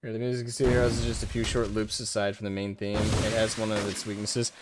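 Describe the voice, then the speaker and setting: A man's voice: fairly low pitch, level tone, a little fast, heavy background noise. A man giving casual, rambling commentary while livestreaming a game, full of fillers and the odd curse. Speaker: game streamer.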